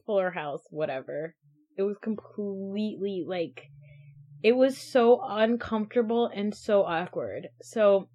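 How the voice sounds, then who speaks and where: A young woman co-hosting a podcast, telling stories in a chatty, animated way full of "like.". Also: mid-range voice, measured pace. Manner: chatty, animated storytelling with many "like" fillers. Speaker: podcast co-host. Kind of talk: casual chat. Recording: dull lo-fi sound.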